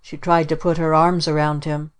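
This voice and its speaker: A woman narrating a children's storybook in a measured way. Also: deep voice, little pitch movement, clean tone. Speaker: audiobook narrator. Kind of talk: scripted narration.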